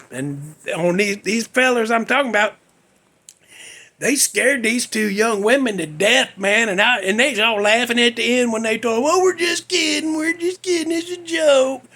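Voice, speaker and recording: A man's voice: extremely high pitch, moderate pace, sharp tone. A male podcast host telling a story in a casual, folksy, rambling way, cussing freely.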